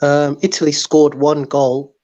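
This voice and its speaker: A man chatting on a stream, speaking haltingly with fillers and restarts. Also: a little high, level tone, a little mellow, dull audio. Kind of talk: casual chat on a live stream.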